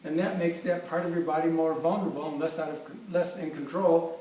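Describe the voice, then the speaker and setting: A man's voice: fairly high pitch, fairly even intonation, a little fast, mellow. A man in his fifties working as a chiropractor, giving an enthusiastic, jokey presentation with props, often restarting his sentences. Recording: echoey room, distant mic, faint noise.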